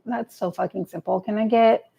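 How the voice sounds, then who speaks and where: This tarot reader works through a live reading at her home table, a cat nearby, chatting casually and swearing freely while muttering to herself over the cards. Her medium-pitched voice is creaky, warm and slightly rough, with fairly even intonation at a normal speed. It's a low-quality recording.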